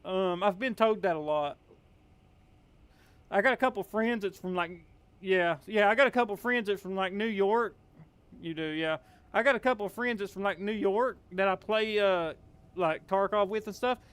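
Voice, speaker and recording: High-pitched and bright, with a clear, resonant tone and no room sound, this young man from Appalachian Kentucky, US, talks at normal speed. He rambles in a Southern drawl full of fillers during casual gameplay chat.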